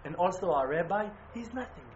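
Man, emphatic religious teacher; high-pitched, faint background noise on a muffled recording. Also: animated, brisk. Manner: emphatic, swings from loud exclamations to quiet intensity. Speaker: Breslov Hasidic teacher. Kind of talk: impassioned religious talk.

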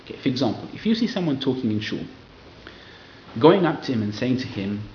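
A man giving a lively Torah class to a live audience, acting out quoted people in raised voices. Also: mid-range voice, brisk, slight background noise. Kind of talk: lively sermon-style Torah lecture. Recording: roomy, slightly dull hall recording.

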